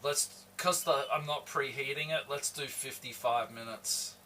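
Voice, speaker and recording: A man's voice: mid-range voice, slight background noise. A man from Adelaide with a slight Australian accent, chatting casually with his livestream viewers while he cooks. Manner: slow, relaxed, chatty, greeting viewers. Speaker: livestream host. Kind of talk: casual chat while cooking. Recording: voice somewhat far from the mic.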